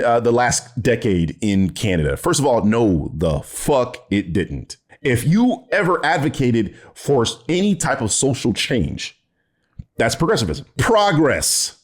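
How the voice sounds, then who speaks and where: An American commentary YouTuber with a medium-pitched voice reacts to a video, speaking a little slowly with big pitch swings. He's sarcastic and exasperated, swearing often and laughing in disbelief in casual, profane commentary.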